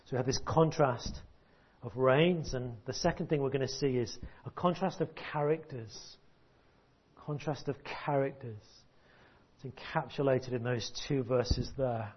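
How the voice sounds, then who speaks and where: A man preaching a sermon, emphatic and deliberate, with long pauses, repeated words and sudden hushed drops. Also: mid-range voice, husky. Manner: drops to a hush at key points. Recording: dull lo-fi recording.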